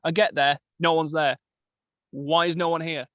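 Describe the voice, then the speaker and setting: A man's voice: a little high, little pitch movement, normal speed, a bit bright, no echo, dull audio. A man talking bluntly and emphatically in a casual group chat. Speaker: podcast guest.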